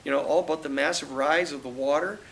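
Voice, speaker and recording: A man in his sixties, a lawyer and author telling stories at a book talk, animated, acting out the dialogue he quotes. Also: on the high side, fast, slight background noise, rough recording. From United States. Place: live audience talk at a campus venue.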